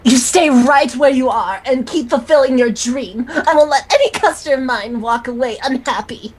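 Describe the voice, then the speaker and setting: A woman's voice: high voice, normal speed, slight background noise, lightly acted. A woman doing a haughty unicorn showmare. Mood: bossy. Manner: grandiose, condescending. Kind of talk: reading a fan story aloud.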